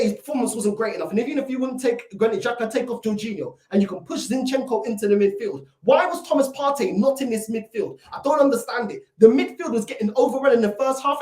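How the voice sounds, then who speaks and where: Fuming high-voiced woman ranting. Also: darkish tone. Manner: fuming, repetitive, exasperated. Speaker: football fan reacting after a match. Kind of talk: angry fan rant. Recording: echoey room, mic at a distance.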